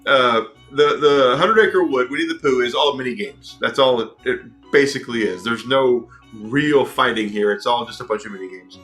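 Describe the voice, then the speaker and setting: A chatty, excitable young man giving casual commentary while playing a video game. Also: medium pitch, moderate pace, hardly any pauses, soft background music. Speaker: gaming video host. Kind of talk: casual let's-play commentary.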